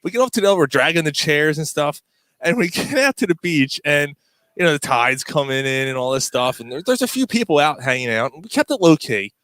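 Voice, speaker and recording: A podcast host tells a story in casual conversation, animated throughout and acting out quotes with jumps in pitch. He talks fast, and there's no room sound on the recording.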